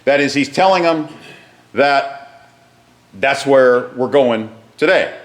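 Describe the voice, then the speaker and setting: A man's voice: medium pitch, expressive, takes it slowly. A man teaching a Bible class, explaining a passage step by step and putting questions to his listeners.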